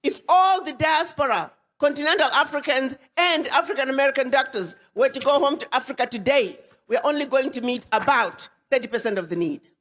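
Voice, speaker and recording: A woman's voice: sits high, brisk, hardly any pauses, a bit bright. A woman, an ambassador giving an emphatic public speech to an audience and repeating words for weight. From Ghana. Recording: long hall reverb.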